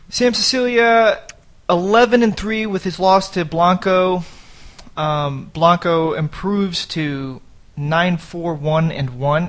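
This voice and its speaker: A man with a fairly high speaking voice hosts a relaxed podcast chat. He jokes around and swears now and then. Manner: chatty, jokey, swears casually. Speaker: podcast host. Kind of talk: casual chat.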